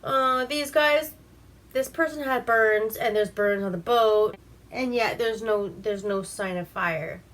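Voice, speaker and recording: A woman's voice: fairly high pitch, slow pace, a bit bright. A woman voicing an earnest 1950s male movie investigator, paraphrasing his lines in a rambling way.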